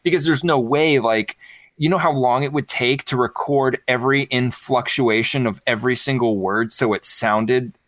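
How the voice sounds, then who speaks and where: A relaxed man in a casual podcast chat, working through an idea at length with plenty of fillers. His voice sits at an ordinary pitch for a man. It is recorded dry, with no room sound. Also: normal speed, no room sound. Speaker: podcast co-host.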